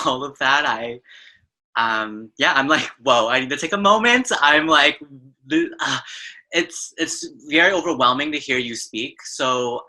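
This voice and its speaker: A woman's voice: rumbling low, pushed and bright. A trans woman hosting an interview, talking effusively and at length, with lots of "like" and "you know" fillers. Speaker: host. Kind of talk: casual interview conversation.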